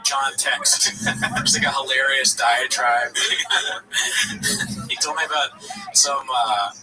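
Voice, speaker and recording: A man's voice: medium pitch, steady tone, takes it slowly, pushed and bright, far from the mic, rough recording. A man co-hosting a casual podcast, riffing and joking with laughs in between. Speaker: podcast co-host.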